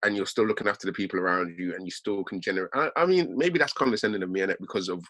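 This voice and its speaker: A man's voice: low voice, fairly bright tone, dry recording. A young man, telling a rambling story in heavy street slang. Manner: slangy, fast, peppered with innit and bruv. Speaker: host.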